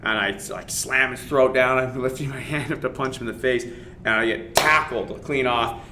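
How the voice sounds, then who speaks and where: There's background noise behind this MMA fighter as he tells a story in a podcast interview. His voice is mid-range at a moderate pace, and he's animated and casual, swearing, performing other people's lines, and laughing while he talks.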